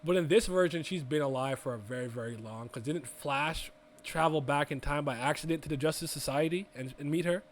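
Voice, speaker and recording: A man's voice: fairly high pitch, a little fast, slight background noise. A young man co-hosting a casual podcast, rambling through restarts and swearing freely as he chats. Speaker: podcast co-host. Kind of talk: casual chat.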